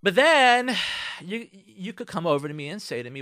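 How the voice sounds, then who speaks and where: Rabbi guy on the radio telling a story, voice jumps all over, bright, dry sound. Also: sits high, normal speed, no room sound. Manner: animated storyteller, speaking straight to listeners. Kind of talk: radio talk on moral advice.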